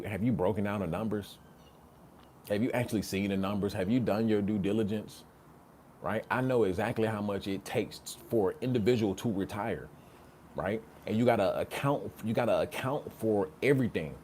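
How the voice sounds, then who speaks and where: A man's voice: fairly low pitch, a little mellow, a little hiss or hum. A man hosting a casual livestream, reading chat comments and talking in an emphatic, slangy way, repeating himself and tagging his points with "right?". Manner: repetitive, emphatic, slangy, rhetorical "right?" tags.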